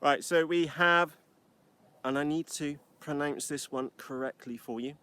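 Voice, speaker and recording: Chatty brit guy with a fairly high voice, loose rambling livestream talk from a field on an ipad. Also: unhurried, bright, forceful tone, clear, resonant tone. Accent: British. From United Kingdom. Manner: chatty, rambling, cheeky, with lots of uhs. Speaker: livestream host flying model aircraft. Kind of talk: casual live-stream chat. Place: outdoors in a field.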